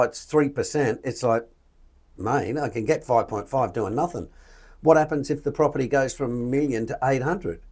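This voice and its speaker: Blunt australian man talking money. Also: medium pitch. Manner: blunt, animated, swears casually. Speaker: podcast host. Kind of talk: casual podcast chat.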